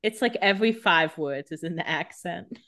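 A woman's voice: lowish voice, moderate pace, fairly bright tone. A woman co-hosting a podcast, chatting casually about a TV episode with wry jokes and frequent laughter. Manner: wry and joking, laughs often. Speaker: podcast co-host. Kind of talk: casual chat recapping a TV episode.

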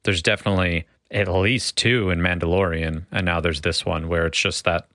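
Low-voiced rambling male podcaster. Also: fairly even intonation, moderate pace, fairly bright tone, dry recording, clean studio sound. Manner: rambling, filler-heavy. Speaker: podcast co-host. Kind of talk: casual chat.

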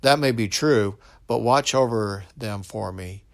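A man's voice: on the low side, measured pace, vocal fry. A man reading a dying old wife, tender. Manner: soft, gentle delivery.

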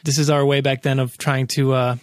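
A man's voice: medium pitch, flat delivery, fairly quick, dry recording, clean studio sound. A man in his thirties, a podcast guest, telling loose, profane stories in casual chat with lots of fillers.

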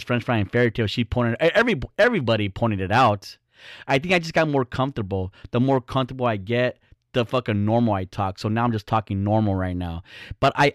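A man's voice: mid-range voice, no echo, clean studio sound. A man hosting his own podcast, ranting bluntly in a casual, profane, rambling way. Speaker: podcast host. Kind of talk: casual solo podcast rant.

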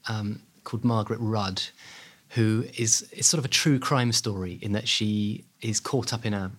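A man, an author guest, telling a historical story in an animated way with many fillers. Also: fairly low pitch, moderate pace. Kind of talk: podcast interview.

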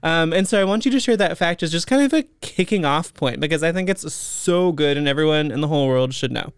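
Upbeat young man hosting, smooth voice. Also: on the high side, lively intonation, brisk, dry recording, studio quality. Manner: upbeat, playful, chatty. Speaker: podcast host. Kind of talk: casual chat.

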